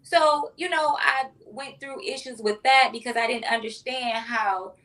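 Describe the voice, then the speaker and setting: A woman's voice: high voice, unhurried, fairly bright tone, far from the mic, low-quality recording. A woman, a mother, speaking heartfelt and emotional as an interview guest. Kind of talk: interview chat.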